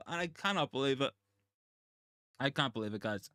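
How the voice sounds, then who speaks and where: A male host giving live football watchalong commentary, excitable and shaken, stammering and repeating himself in disbelief. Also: mid-range voice, moderate pace, clean tone, no echo, clean studio sound. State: shaken and overwhelmed. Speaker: fan channel host.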